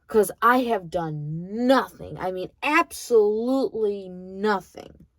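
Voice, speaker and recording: A woman's voice: mid-range voice, no room sound. A young adult woman venting in a casual monologue, blunt and heated, swearing freely. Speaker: vlogger.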